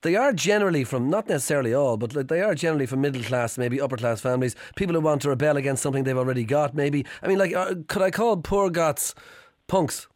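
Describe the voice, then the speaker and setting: Chatty radio host. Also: male voice, fairly high pitch, fast talker, dry recording, clean studio sound. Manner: chatty, loose, with many fillers. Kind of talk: casual radio talk and phone-in.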